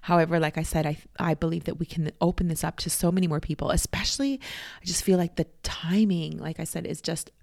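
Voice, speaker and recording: A woman's voice: deep voice, level tone, fast, gravelly, hardly any pauses, a little mellow, no echo, studio quality. A middle-aged woman hosting a podcast interview, bubbly and chatty, laughing often and using many fillers. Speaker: podcast host.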